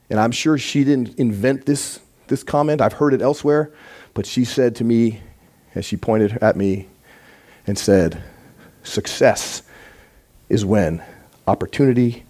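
Earnest male church teacher, emphatic sermon delivery, warm tone. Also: mid-range voice.

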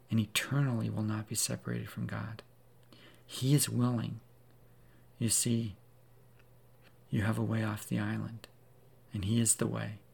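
A man preaches an earnest sermon in a heavily gravelly voice. His tone stays flat and narrow in pitch, with a husky edge. He swings from loud emphasis to near-whispers.

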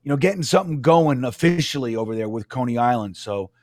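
A man co-hosting a casual podcast, rambling through stories and acting out quotes loudly. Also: medium pitch, lively intonation, fast, no echo. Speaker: podcast co-host.

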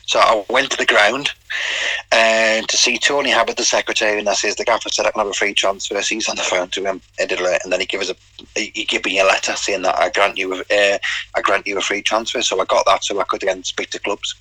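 A man's voice: lowish voice, level tone, a little fast, sharp tone, slightly rough, no echo, rough recording. A middle-aged man with a Geordie accent, a former footballer telling rambling stories in an interview, full of quoted dialogue and restarts. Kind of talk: casual interview storytelling.

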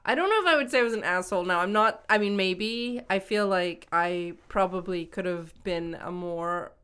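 A woman's voice: fairly low pitch, normal speed, a bit bright, smooth. A young adult woman co-hosting a podcast, chatting casually and hedging a lot with "like" and "um". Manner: rambling, hedging with lots of "like" and "um". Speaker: podcast co-host. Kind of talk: casual chat.

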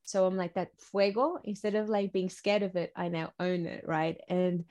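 A woman from Latin America, a podcast guest, chatting in an animated way with many fillers and restarts. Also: on the low side, normal speed. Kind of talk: casual interview chat.

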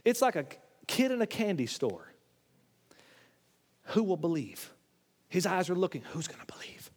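A man preaching a sermon in a church, animated, swinging between loud, high exclamations and low, quiet asides. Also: a little slow. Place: church sanctuary. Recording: long hall reverb.

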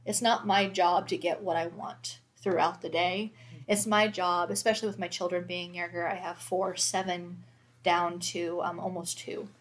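A woman's voice: lowish voice, little pitch movement, normal speed. A woman in her thirties, a mother of four, talking candidly and reflectively in a casual faith conversation, with many fillers.

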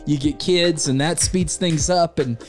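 A man's voice: on the high side, a little slow, faint music behind. A man, co-hosting a casual podcast chat and telling stories with animation and casual swearing. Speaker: podcast co-host.

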